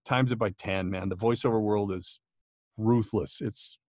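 A man's voice: fairly low pitch, fairly even intonation, measured pace, a little mellow, no echo, studio quality. A man, a voice actor, telling stories in a casual podcast chat, laughing often and restarting his sentences. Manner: chatty, laughing storyteller with many restarts. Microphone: home studio microphone.

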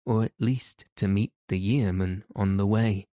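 A man reading a story aloud as the audiobook narrator, in a measured, even manner. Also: lowish voice, no room sound, studio quality. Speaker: audiobook reader. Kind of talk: scripted narration.

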